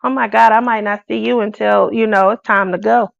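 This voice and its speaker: A woman's voice: mid-range voice, steady tone, a little fast, vocal fry, no room sound, lo-fi sound. A woman hosting a craft video, chatting casually to her viewers and laughing often. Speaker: craft channel host.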